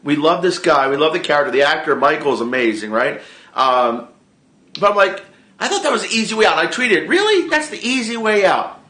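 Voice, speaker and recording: A man casually recapping a TV episode, animated and swearing freely, re-enacting his own reactions. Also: a little high, fairly quick. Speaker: TV show reviewer. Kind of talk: casual excited recap vlog. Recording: echoey room.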